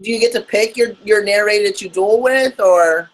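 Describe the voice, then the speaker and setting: A woman's voice: mid-range voice, normal speed, rough recording. A woman co-hosting a podcast interview, playful and laughing a lot. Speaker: podcast co-host. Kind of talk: casual interview chat.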